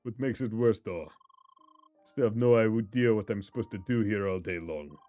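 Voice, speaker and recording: A man voicing a weary, homesick young gamer, reading game dialogue in a low, subdued way. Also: moderate pace, dark tone, no echo, soft background music, lightly acted. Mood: glum.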